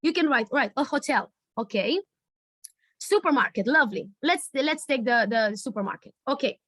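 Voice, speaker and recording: A woman leading a storytelling workshop over a video call, searching for words with many pauses and fillers. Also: high voice, lively intonation, a bit bright, no room sound, studio quality. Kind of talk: online workshop teaching.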